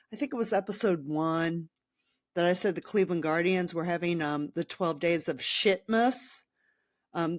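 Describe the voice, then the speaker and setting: A woman's voice: mid-range voice, no echo. A young woman hosting a casual sports podcast, venting sarcastically about her team with crude jokes. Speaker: podcast host.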